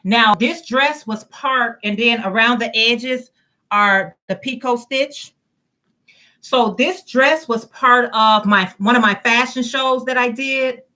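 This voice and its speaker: Bright-voiced woman chatting on a livestream. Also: on the high side, slow. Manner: chatty, greets viewers by name, reads comments aloud. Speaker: crochet livestream host. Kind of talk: casual livestream chat reading comments.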